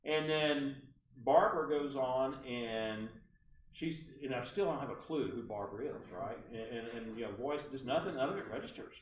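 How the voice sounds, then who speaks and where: A man's voice: mid-range voice, moderate pace, distant mic, a little hiss or hum. Man telling stories in a roomy room. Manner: animated storyteller with frequent asides to the room. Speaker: real estate trainer. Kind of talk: storytelling training talk to agents. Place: meeting room at a real estate office.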